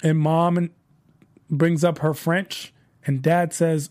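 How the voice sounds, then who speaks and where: A man's voice: a little high, flat delivery, slow, darkish tone. A man hosting a TV review show, recapping episodes in a casual, rambling way that repeats phrases as he retells scenes.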